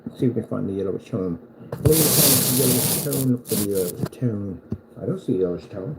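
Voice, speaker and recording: A man's voice: medium pitch, animated, fast, heavy background noise. A man who sells screen paint, delivering a heated, mocking reaction rant at a rival. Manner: mocking, combative.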